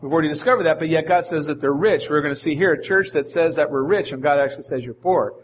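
A man's voice: a little high, quick pace, highs cut off, slight background noise. A male pastor preaching a sermon in an earnest manner, often repeating his phrases.

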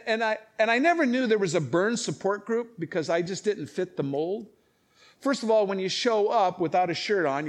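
High-voiced, animated male pastor preaching. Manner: animated storytelling, acting out voices with big pitch swings; drops to low, quiet tones for personal moments. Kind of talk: sermon.

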